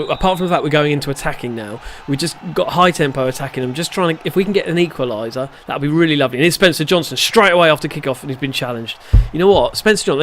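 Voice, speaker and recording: A man giving live, excitable gameplay commentary, shouting at the match and muttering in between. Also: a little high. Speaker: gaming channel host.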